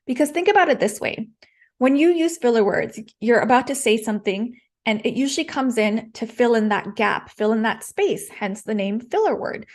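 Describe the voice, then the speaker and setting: A woman's voice: on the high side, lively intonation, moderate pace. A woman coaching public speaking in a live-streamed lesson, direct and encouraging, repeating her key points.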